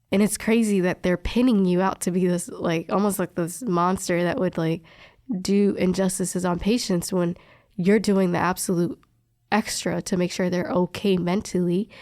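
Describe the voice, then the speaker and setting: A young respiratory therapist candidly describes her work experience in a personal storytelling interview, speaking emphatically and quoting what others said. Her voice is fairly low with a darkish tone, captured in studio quality without echo.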